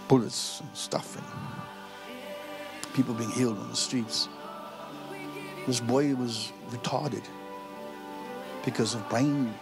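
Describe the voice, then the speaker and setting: A middle-aged man preaching a sermon, telling a story with lively acted-out dialogue. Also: mid-range voice, gravelly. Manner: animated storytelling, acts out quoted dialogue. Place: large auditorium.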